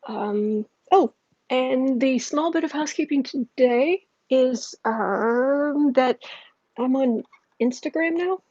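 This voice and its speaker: A woman's voice: sits high, slow pace, breathy edge, no room sound, highs cut off. A woman hosting a livestream from home on an earpiece microphone, chatting loosely and reading comments from her chat. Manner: rambling and warm, with frequent fillers and asides. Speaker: astrology and tarot livestream host.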